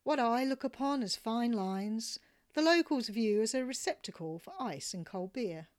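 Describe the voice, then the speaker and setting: A woman with an Australian accent, a podcast host reading a story aloud in a relaxed, wry manner. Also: on the high side, moderate pace.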